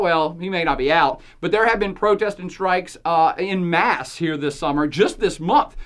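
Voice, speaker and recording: Sarcastic woman podcast host. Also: deep voice. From United States. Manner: sarcastic, jokey, laughs often, emphatic asides. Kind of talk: opinionated podcast commentary.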